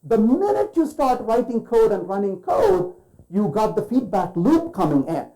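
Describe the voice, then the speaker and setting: A man's voice: high-pitched, big pitch swings, normal speed, warm tone, rough recording. A man giving a conference keynote, firing rhetorical questions at the audience and acting out quoted voices. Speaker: keynote speaker.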